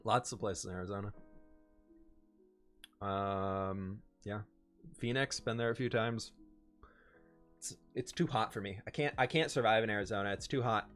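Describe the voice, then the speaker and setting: A young man from Pennsylvania with a somewhat low voice hosts a casual livestream. He chats easily, laughs a lot and answers his viewers as he plays, with faint music underneath. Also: normal speed, long pauses, a bit bright. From Pennsylvania, USA. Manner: chatty, laughs often, reads chat aloud. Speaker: livestream host. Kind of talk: casual chat while gaming.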